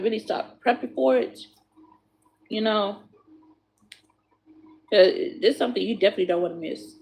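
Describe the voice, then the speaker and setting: A woman's voice: mid-range voice, vocal fry. A woman chatting to viewers while doing hair, swearing freely and calling them y'all. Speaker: hair vlogger.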